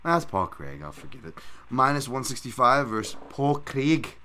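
A man's voice: medium pitch, very animated, normal speed, bright, forceful tone, slight background noise. A man hosting a podcast, breaking down fights and bets in a casual, profane, heated ranting style. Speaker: podcast host. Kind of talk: casual sports-betting breakdown.

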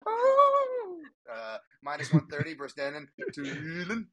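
A man's voice: fairly high pitch, quick pace, a bit bright. A man hosting a podcast, chatting casually and rambling with jokes and frequent laughter. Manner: rambling, jokey, laughs often. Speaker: podcast host. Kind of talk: casual sports betting chat.

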